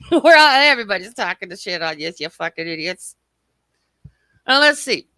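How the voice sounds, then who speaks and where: A woman rants on her livestream in a bright, forceful voice, heated and sarcastic, swearing freely. The sound is dry and close, with no room echo. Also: mid-range voice, very animated, normal speed. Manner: profane, heated, sarcastic ranting. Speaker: livestream host. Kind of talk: ranting livestream commentary. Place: at home.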